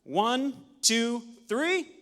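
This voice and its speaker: A man giving an energetic, interactive talk at a conference, leading the audience through counts, a little out of breath. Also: very high voice, extremely slow. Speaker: conference speaker. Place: large conference hall. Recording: long hall reverb.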